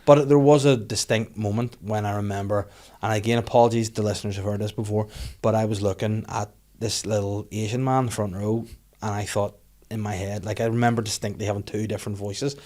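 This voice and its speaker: A young man hosting a podcast, telling rapid, animated stories full of laughter and sweary acted-out inner voices. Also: on the low side. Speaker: podcast host. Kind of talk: casual chat, storytelling.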